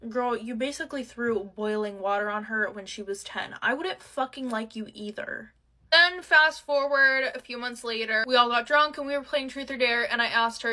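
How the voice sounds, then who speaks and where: A woman's voice: on the high side, moderate pace, pushed and bright. A woman in her twenties telling a personal story in a chatty, sassy way, swearing freely. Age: 20s. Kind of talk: casual storytime vlog.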